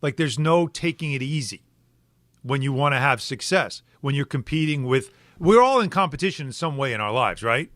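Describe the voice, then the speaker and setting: Bright-voiced middle-aged sports radio host. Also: male voice, medium pitch, normal speed, dry recording, studio quality. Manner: animated, questioning, stumbles into restarts. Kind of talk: sports talk debate. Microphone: studio microphone.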